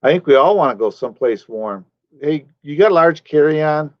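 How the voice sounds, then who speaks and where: A man's voice: on the high side, expressive, moderate pace, no room sound. A man live streaming, chatting casually and rambling while he answers his chat viewers by name. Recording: dull lo-fi stream audio.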